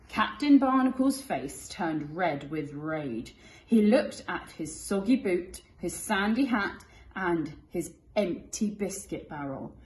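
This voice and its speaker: A woman's voice: on the low side, measured pace, slight background noise. Teacher lady reading a storybook, voice goes way up n down, roomy echo. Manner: lively expressive storytelling. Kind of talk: reading a picture book aloud. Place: classroom or school room. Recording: echoey room.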